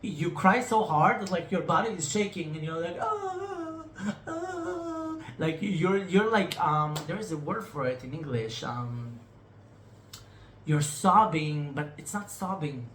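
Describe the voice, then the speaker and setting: Speaking at a measured pace in a somewhat bright, high-leaning voice, this man tells his healing story to camera, emotional and rambling, repeating himself and trailing off while being frank and a bit teasing with viewers. The echoey room carries slight background noise.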